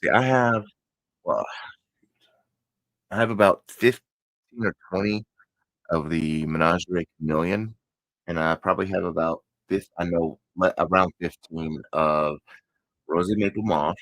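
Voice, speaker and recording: A man's voice: deep voice, measured pace, pauses often, a bit bright, no echo, low-quality recording. A man with a Texan accent hosting a crochet channel, chatting casually and rambling, often correcting himself mid-sentence. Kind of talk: casual chat to viewers.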